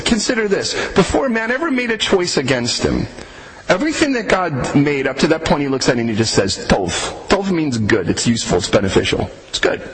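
A man preaching a casual, conversational sermon, animated and joking, sometimes tripping over repeated words. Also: high voice. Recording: roomy echo with faint hiss.

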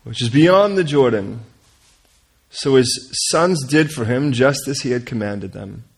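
A man reads scripture to a group in a plain, earnest voice, his pitch in the middle of the range. He moves through the passage at an unhurried pace and sometimes stumbles and corrects himself. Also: expressive, gravelly, breathy edge. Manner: earnest reading with stumbles and corrections, coaxes listeners to repeat names. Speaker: Bible teacher. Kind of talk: reading scripture aloud and leading prayer.

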